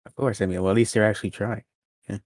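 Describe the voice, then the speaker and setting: A man co-hosting a wrestling podcast, quick and sarcastic in casual chat. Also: on the low side, steady tone, a little mellow, no room sound, clean studio sound. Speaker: podcast co-host.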